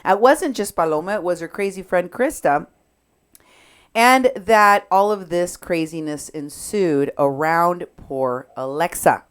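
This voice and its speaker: Animated woman commentating on audio clips. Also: on the low side, unhurried, smooth. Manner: animated, emphatic retelling. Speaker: podcast host.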